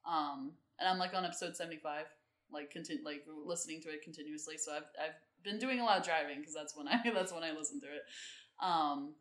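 A woman's voice: low-pitched, quick pace, fairly bright tone, roomy sound. A woman co-hosting a podcast, chatting casually and rambling with many ums and restarts. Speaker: podcast co-host. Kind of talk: casual chat.

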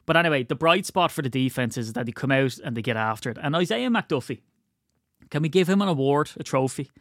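A man's voice: mid-range voice, expressive, fast, a bit bright, no echo. Chatty man, dry close mic. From United Kingdom. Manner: chatty, opinionated, wry asides. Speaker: podcast host. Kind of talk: casual solo commentary.

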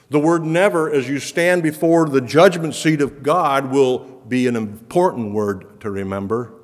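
Male preacher, mid-pitched, earnest and emphatic, long hall reverb. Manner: earnest, emphatic, rising for repeated promises. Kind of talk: sermon.

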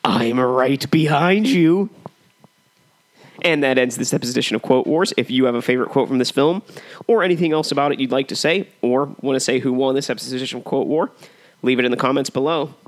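A man's voice: medium pitch, quick pace. A young man co-hosting a casual film review, with wry and sarcastic asides. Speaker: co-host of a movie review show.

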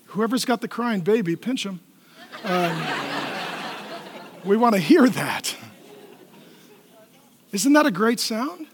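A middle-aged man preaching a humorous sermon as pastor, animated and joking, often asking the congregation questions. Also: sits high, takes it slowly, long pauses, big-room sound, a little hiss or hum. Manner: animated, joking storyteller who asks the crowd questions.

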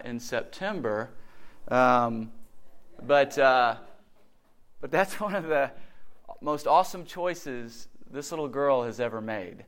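A medium-pitched, clean-toned voice belongs to a middle-aged man giving a sermon. He tells stories animatedly and acts out the quotations.

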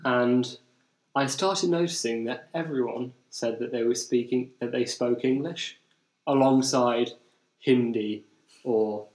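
A man's voice: medium pitch, slow, darkish tone. A man co-hosting a podcast in casual chat, rambling and correcting himself as he goes. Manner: rambling, self-correcting, repeats phrases. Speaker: podcast co-host. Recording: echoey room.

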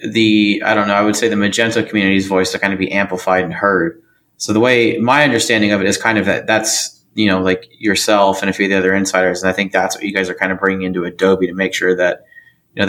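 A man from East Texas chatting as a guest, quick and chatty with plenty of fillers. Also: fairly low pitch, a bit bright. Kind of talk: casual conversation.

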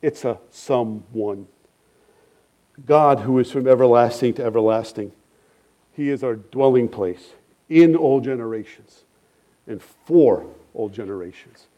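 Earnest man preaching a warm sermon. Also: medium pitch, highs cut off. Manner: earnest, measured, trailing off softly at phrase ends. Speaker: pastor.

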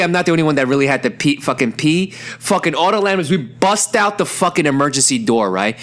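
Young man, casual storytelling, rambling, profane, excitable, mid-pitched voice. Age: young adult.

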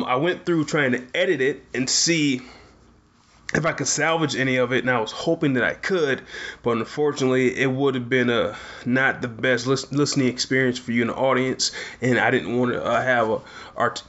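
A man's voice: medium pitch, a bit bright, dull audio. A man hosting a podcast, talking casually and rambling with many restarts. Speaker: podcast host. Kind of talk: casual chat.

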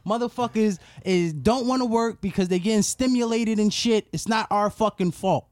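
A man's voice: sits high, normal speed, dry recording. A man on a casual podcast, ranting in a heated, profane way. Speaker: podcast co-host.

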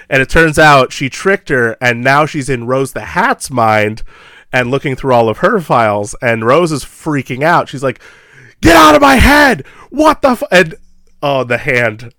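Male podcast co-host, excitable, laughs often, rambling, dry close sound. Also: mid-range voice, clean tone, dry recording. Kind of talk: casual chat about a film.

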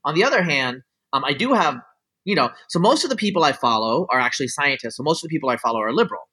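A man's voice: on the high side, expressive, fast, bright, forceful tone, husky. A man talking as a guest scientist in a casual interview, rambling and opinionated, full of fillers. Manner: rambling, heavy on "like" and "you know" fillers; opinionated, explaining his views at length.

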